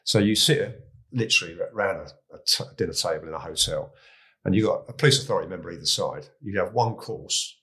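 A man in his sixties with an English accent, telling stories as a guest in a relaxed, chatty way. His voice sits a bit low, and he stumbles, restarts and chuckles at his own tales. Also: fairly quick. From England. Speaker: guest, retired police chief. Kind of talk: casual anecdotal storytelling.

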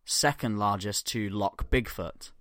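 A man's voice: lowish voice, unhurried, fairly bright tone, no room sound, studio quality. A man co-hosting a podcast in casual banter, profane and jokey, laughing often. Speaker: podcast co-host.

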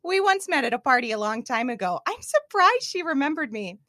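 A chatty, boastful woman radio producer, read aloud by a woman at the game table in a rambling, bragging tone. The voice swings widely in pitch and sits in a dry room with no echo. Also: very animated, brisk, pushed and bright, full character voice. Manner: rambling, bragging reading of scripted lines.

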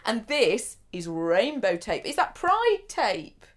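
A woman's voice: mid-range voice, sing-song, slow. A woman co-hosting a podcast, chatting casually and rambling through stories with frequent giggles. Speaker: podcast co-host. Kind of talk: casual chat.

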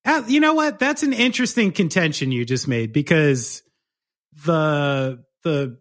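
A man co-hosting a podcast, chatting casually and telling stories in an animated, joking way. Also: fairly high pitch, a little slow. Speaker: podcast co-host. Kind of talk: casual chat.

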